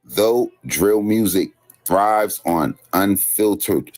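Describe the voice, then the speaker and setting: A man's voice: fairly low pitch, expressive, drawn-out words, a little mellow, soft background music. A man narrating a serious scripted story about street violence, then asking viewers to comment. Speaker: channel host narrator.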